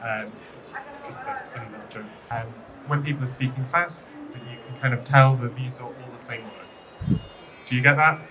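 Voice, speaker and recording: A man's voice: medium pitch, animated, moderate pace, distant mic, background noise. A man with a British accent teaching English pronunciation to a classroom, chatty and teasing, with lots of ums. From Britain. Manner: chatty, hesitant with frequent ums, playfully teasing. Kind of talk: classroom lesson.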